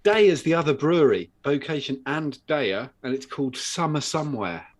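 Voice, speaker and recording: Lively british man co-hosting. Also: fairly high pitch, normal speed. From United Kingdom. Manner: animated storyteller, swears, breaks into laughs and put-on voices. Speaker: co-host. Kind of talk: casual banter on a live show.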